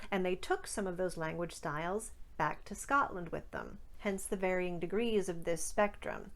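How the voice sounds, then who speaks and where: A woman hosts an accent tutorial in a speech coach's scripted delivery. She pronounces each sample word slowly and crisply, stretching and demonstrating the vowels. Her voice sits at an ordinary middle pitch. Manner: crisp, deliberate enunciation of sample words.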